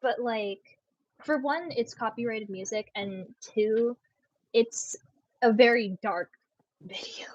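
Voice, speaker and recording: A woman's voice: on the high side, slow, darkish tone, no room sound. Young woman rambling over a dull, dry mic. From Puerto Rico. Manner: rambling, full of filler words. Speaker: livestream guest. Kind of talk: casual livestream chat.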